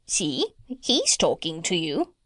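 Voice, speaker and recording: A woman voicing a bossy, talkative female parrot in a storybook reading, who chatters and squawks high bird sounds. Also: wildly swooping pitch, slow, fairly bright tone, no echo, clean studio sound, full character voice. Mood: insistent.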